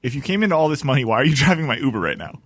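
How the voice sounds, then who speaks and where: A man in a casual podcast chat talks quickly in an earnest, excitable way and swears easily. His fairly high voice jumps around in pitch. The recording is close and dry. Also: no room sound. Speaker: podcast co-host.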